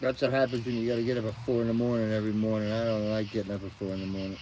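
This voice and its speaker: A man's voice: fairly low pitch, flat delivery, very fast, dark tone, slight background noise, poor audio. A middle-aged man hosting a casual live stream outdoors at night, sleepy and yawning as he chats with viewers, crickets behind him.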